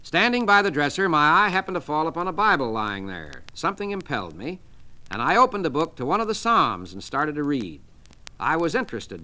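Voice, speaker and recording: A man's voice: fairly high pitch, bright, forceful tone. A man reading as a kindly, earnest businessman. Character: kindly, calm middle-aged businessman.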